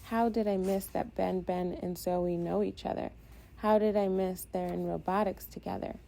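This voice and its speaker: A woman reading a first-person audiobook in a steady, introspective way. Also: lowish voice, normal speed, vocal fry. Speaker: audiobook narrator.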